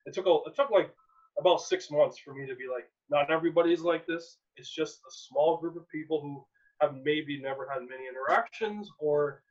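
A young man from Canada telling a personal story in a casual, animated way, laughing often and acting out the people in it. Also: fairly high pitch, fairly quick. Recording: dull lo-fi sound.

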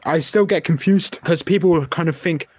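A man's voice: on the high side, moderate pace, darkish tone. A man hosting a podcast, chatting casually and jokily as he gives his opinions on a film. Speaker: podcast host. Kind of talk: casual film review chat.

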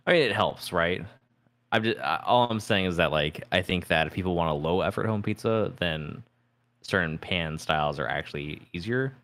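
Man, very deep voice, hedging, filler-heavy casual podcast chat. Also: normal speed, fairly bright tone. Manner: hedging, full of likes and you-knows. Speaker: podcast co-host.

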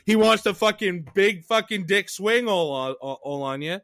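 A man's voice: sits high, animated, a little slow, fairly bright tone, no echo. Canadian guy on a podcast, swears a lot, rants through his story, dry close mic. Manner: profane, ranting storyteller. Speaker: podcast co-host. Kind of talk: casual chat.

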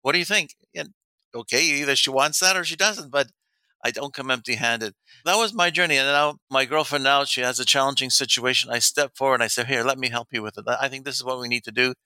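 Man, middle-aged, dating coach, very bright tone, dry close sound, animated storytelling. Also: mid-range voice, fast, clean tone, dry recording. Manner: animated storyteller, acts out quoted dialogue, laughs often. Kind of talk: casual interview talk.

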